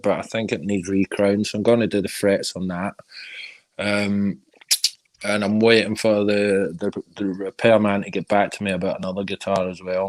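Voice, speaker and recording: Laid-back Scottish man, low voice. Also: dry recording. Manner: laid-back, friendly, calls people mate. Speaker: guest. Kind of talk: casual chat.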